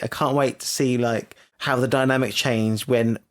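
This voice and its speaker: A man co-hosting a podcast in loose casual chat. His voice sits mid-range in pitch, and his delivery is animated and gushing, with laughter breaking into it. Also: measured pace. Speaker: podcast co-host.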